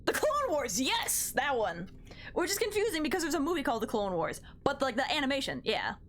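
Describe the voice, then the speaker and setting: A young woman streamer with a high voice that leaps all over the place. She chats bubbly and playful with her viewers and counts out her jumps aloud. A faint hiss sits under her voice. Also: big pitch swings, brisk, fairly bright tone. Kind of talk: casual live game-stream chat.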